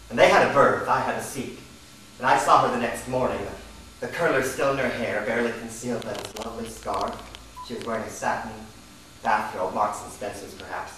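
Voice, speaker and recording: A man's voice: on the low side, a bit bright, slight background noise. A middle-aged man performing a wry, theatrical monologue on stage. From Canada. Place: performance space. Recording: very echoey hall, distant mic.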